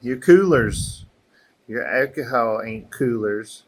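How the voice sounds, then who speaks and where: A man talks through a relaxed hands-on craft lesson, chatty and encouraging as he thinks out loud. He is outdoors on a breezy patio. The sound comes from the camera's own microphone. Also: mid-range voice, slow, slightly rough. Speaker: airbrush artist teaching a craft. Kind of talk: casual craft tutorial.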